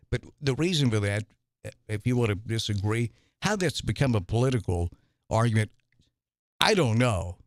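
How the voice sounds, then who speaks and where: Brief: lower-pitched man, mayoral candidate, halting folksy storyteller, dry studio sound. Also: lively intonation, no room sound. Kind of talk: conversational debate on radio. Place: radio studio.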